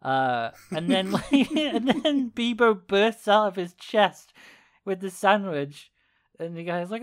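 Man, smooth resonant voice, slightly high, casual podcast chat, rambling, laughs a lot. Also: animated, unhurried. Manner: rambling, laughing retelling with many fillers. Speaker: podcast co-host.

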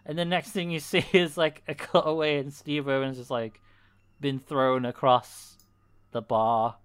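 A man's voice: medium pitch, level tone, a little slow, smooth. A man casually recapping a video on a podcast, rambling with fillers and laughing often. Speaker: podcast co-host. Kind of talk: casual chat.

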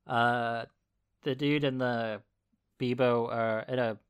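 A man's voice: medium pitch, steady tone, takes it slowly, clean tone. A man casually recapping a video on a podcast, rambling with fillers and laughing often. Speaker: podcast co-host. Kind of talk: casual chat.

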